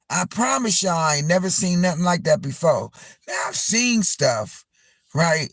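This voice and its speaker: A man hosting a live stream, telling a story in a loose, animated way, repeating himself, swearing, and calling his viewers y'all. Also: high voice, moderate pace, no room sound, clean studio sound. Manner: animated, repetitive and profane, addressing viewers as y'all. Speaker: livestream host.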